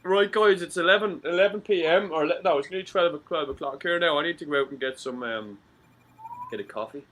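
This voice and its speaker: A man's voice: fairly high pitch, fairly quick, fairly bright tone, slight background noise. A man chatting as a guest on a live stream over a video call, rambling and swearing freely. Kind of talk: casual live-stream chat.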